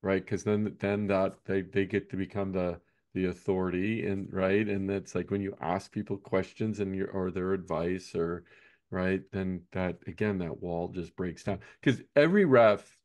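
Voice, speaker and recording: A man's voice: deep voice, fairly even intonation, moderate pace, a little mellow. A man, a basketball coach, chatting casually on a podcast, rambling and often ending points with "right?".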